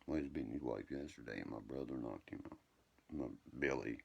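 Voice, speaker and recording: A man's voice: very deep voice, fast talker, gravelly, husky, highs cut off. A man telling rambling, profane stories during a late-night livestream.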